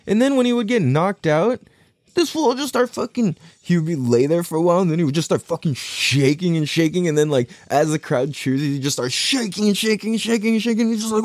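A young man in a casual, profane, excitable monologue full of slang. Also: on the high side, fairly quick, no echo.

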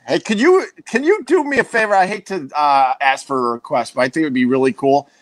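A man's voice: on the high side, expressive, brisk, no room sound. A man hosting a casual podcast interview, enthusiastic and encouraging his guest. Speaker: podcast host.

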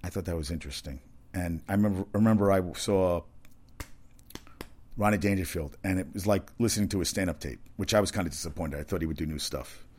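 A man's voice: sits low, fast talker, darkish tone. A man hosting a casual talk segment, rambling through sports news and comedy anecdotes. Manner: rambling, conversational, with restarts and asides. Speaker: talk show host.

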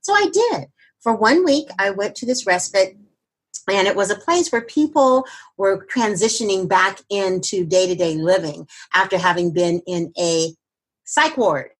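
A woman's voice: mid-range voice, animated, a little slow, slightly rough, poor audio. An older woman telling a personal story in an interview, rambling with many fillers and restarts. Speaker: interview guest.

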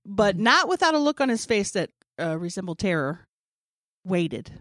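A woman in her forties spins a long comic story in relaxed conversation, jumping into the voices of the people she quotes and laughing along the way. Her pitch sits in a middle range, and the sound is dry and close. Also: moderate pace, dry recording. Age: 40s. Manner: animated storyteller, acts out quotes, laughs often. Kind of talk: casual storytelling chat.

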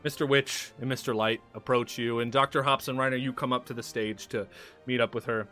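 A man's voice: mid-range voice, steady tone, fairly quick, bright, forceful tone, faint music behind. A man running a tabletop game, narrating in a casual, rambling way. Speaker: game master.

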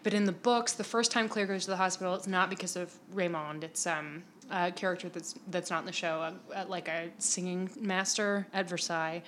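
A woman's voice: on the low side, steady tone, fairly quick, few pauses, a bit bright, a little hiss or hum. A woman co-hosting a podcast, chatting casually about a TV episode, laughing often and playful. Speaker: podcast co-host. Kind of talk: casual chat recapping a TV episode.

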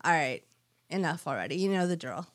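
A woman's voice: sits low, lively intonation, brisk, no echo, clean studio sound. A woman co-hosting a podcast in casual chat, giggly, rambling and poking fun at herself. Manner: giggly, rambling, self-mocking. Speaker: podcast co-host.

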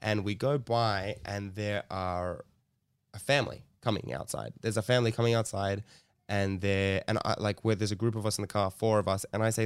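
Smooth-voiced man rambling a story. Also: fairly low pitch, normal speed, dry recording, clean studio sound. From Australia. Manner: rambling, lots of likes and restarts. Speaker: podcast co-host. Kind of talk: casual storytelling.

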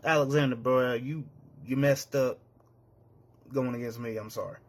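A cocky young rival full of swagger, voiced by a man, taunting a beaten opponent in a smug, easy drawl. His pitch sits in an ordinary middle range. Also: fairly even intonation, normal speed, a little hiss or hum, close to an everyday voice. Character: cocky young male rival gamer boasting.

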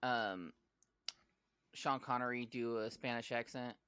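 Podcast co-host, male, bright forceful tone, dry close sound, jokey storyteller. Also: medium pitch, fairly even intonation, unhurried, clear, resonant tone, no echo. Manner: jokey, tells movie stories animatedly. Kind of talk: casual chat.

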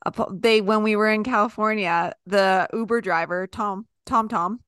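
A Canadian woman co-hosting a podcast who chats casually with joking, quick asides. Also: medium pitch, fairly bright tone, clean tone, no room sound, studio quality. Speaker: podcast co-host. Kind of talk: casual chat.

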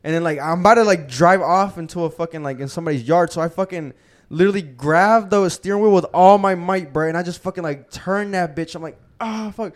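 A young man hosting a podcast, telling a profane, animated story and acting out the quotes in casual chat. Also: high voice, quick pace. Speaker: podcast host.

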